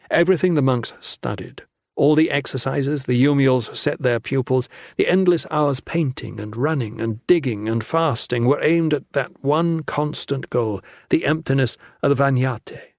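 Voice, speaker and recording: A man reading a fantasy audiobook in measured, even scripted narration. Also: mid-range voice, dry recording, studio quality.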